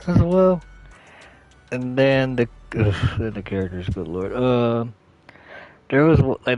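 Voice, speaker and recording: A man's voice: lowish voice, a little mellow, muffled recording. A young man chatting casually as a channel host, rambling with lots of fillers and self-corrections. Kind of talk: casual chat.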